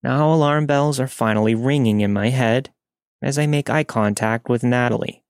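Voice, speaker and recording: A man narrating a scripted first-person horror story in a steady, measured reading. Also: medium pitch, clean tone, dry recording, clean studio sound.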